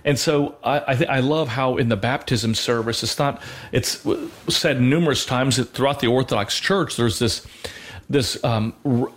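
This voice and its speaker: A man co-hosting a Christian show, speaking earnestly in a halting way, often restarting as he teaches and tells a personal story. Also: medium pitch. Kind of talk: faith talk with personal storytelling.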